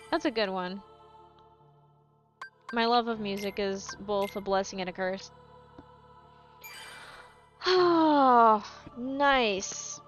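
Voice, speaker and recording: A woman's voice: mid-range voice, drawn-out words, long pauses, muffled recording. A woman game streamer chatting casually and rambling with self-deprecating humor, using a put-on English accent that keeps drifting into Southern. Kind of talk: casual live-stream chat. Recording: music playing under the voice. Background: game music.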